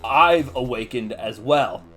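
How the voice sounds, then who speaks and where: A man's voice: mid-range voice, takes it slowly, fairly bright tone, faint music behind, low-quality recording. A man casually voicing a boastful veteran male spearman from a manga, in his own slangy way. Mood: cocky.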